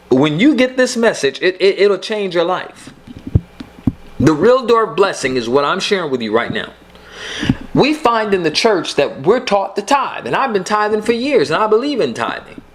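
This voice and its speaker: Animated, emphatic male preacher. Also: high voice, a little hiss or hum. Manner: emphatic, repeats key points. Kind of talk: sermon.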